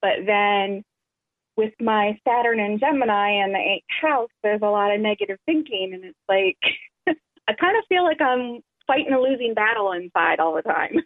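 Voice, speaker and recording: A woman's voice: medium pitch, expressive, normal speed, no echo. A woman from Michigan calling in to a show, talking candidly about herself and laughing easily. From Michigan, USA. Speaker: caller. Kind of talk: phone-in chat. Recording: tinny dry phone line.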